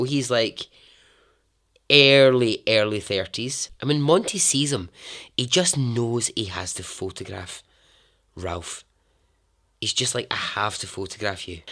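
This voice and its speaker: A man's voice: on the low side, a bit bright. A man hosting a storytelling podcast, narrating dramatically and chattily, giggling at his own asides. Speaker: podcast host.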